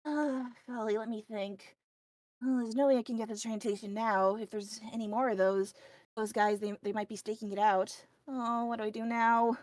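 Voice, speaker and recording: A woman playing a nervous young rabbit girl, stammering, apologetic, high voice, dry sound. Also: fairly even intonation, normal speed, a little mellow, no echo, natural voice. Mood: flustered. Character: timid young female rabbit, polite and flustered.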